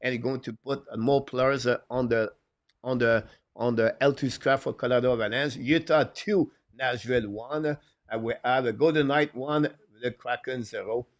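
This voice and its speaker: A man's voice: medium pitch, steady tone. A man hosting a live hockey stream, reading viewer comments in broken English with constant "uh" fillers. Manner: halting, full of "uh" fillers; broken, non-native English phrasing. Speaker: live show host.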